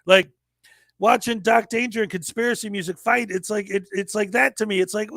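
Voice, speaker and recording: A man in his forties hosting a livestream, telling a story in a lively casual way and acting out the people he quotes. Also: high-pitched, brisk, vocal fry, dry recording. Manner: animated storyteller, acts out quoted voices. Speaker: livestream host.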